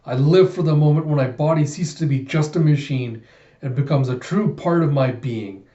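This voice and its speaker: A fierce young cyborg warrior woman who lives for the fight, voiced by a man reading a comic aloud. Her lines come slightly higher and louder than the reader's own voice, fervent and emphatic. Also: normal speed, echoey room, highs cut off, close to an everyday voice. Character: intense young female cyborg warrior, battle-hungry.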